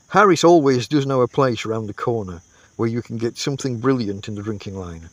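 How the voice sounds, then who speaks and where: A man reading a classic comic novel aloud, telling the story in an unhurried, expressive way. His voice sits at an ordinary middle pitch, and the recording is dry and close with no room echo. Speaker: audiobook reader.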